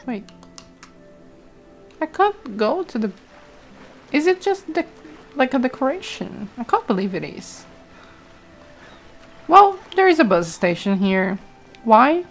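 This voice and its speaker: A woman's voice: sits high, very animated, slow pace, pauses often, soft background music. A young woman from Brazil, chatting casually over gameplay, exclaiming often and reading chat aloud. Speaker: streamer.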